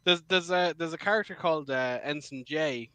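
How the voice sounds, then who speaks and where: A man co-hosting a casual podcast, rambling through trivia and restarting his sentences often. His voice is bright and forceful. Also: on the high side, normal speed, smooth, no echo, poor audio. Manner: chatty, full of trivia and restarts. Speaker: podcast co-host. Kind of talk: casual chat.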